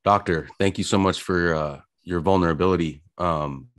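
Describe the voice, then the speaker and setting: Deep-voiced earnest male host. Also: normal speed, fairly bright tone, dry recording, studio quality. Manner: earnest, searching for words. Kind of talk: interview.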